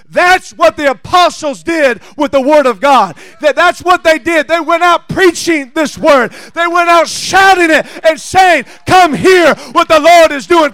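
A pastor with a notably high male voice reads scripture softly, then builds to loud, shouted praise. The sound is dry and close, with no room echo.

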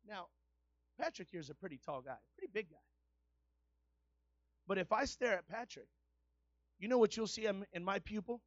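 A man with a very high voice preaches a sermon in a folksy, conversational way and builds into loud, repeated exhortations. The sound is dry and close, with a dull, muffled tone. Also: animated, normal speed, long pauses, no room sound. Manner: builds to loud, repetitive call-and-response preaching.

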